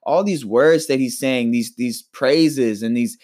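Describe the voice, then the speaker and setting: A man's voice: medium pitch, measured pace, a little mellow, no room sound, studio quality. A man preaching a recorded podcast sermon in an earnest, reflective way, often restarting and repeating words.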